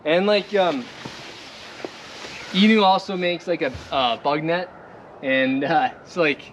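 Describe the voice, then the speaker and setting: A young Midwestern man, probably from Minnesota, slowly shows off his boat setup in a vlog, his voice on the high side. He rambles with plenty of fillers and laughs often while moving around outdoors. The camera sits on the boat, so his distance from it shifts, and background noise is clearly audible.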